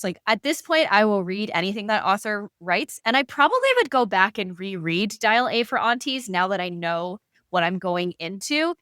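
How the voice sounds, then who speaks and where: A woman's voice: mid-range voice, a bit bright, clean tone, dry recording, clean studio sound. A woman co-hosting a podcast, chatting casually and animatedly about books, peppering her talk with "like" and the odd swear. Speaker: podcast co-host.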